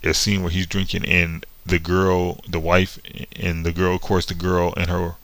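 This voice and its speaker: A man's voice: sits low, completely flat delivery, normal speed, creaky, fairly bright tone, no room sound, poor audio. A man casually retelling a comic book story, sarcastic and often breaking into laughter. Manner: sarcastic, laughing between lines.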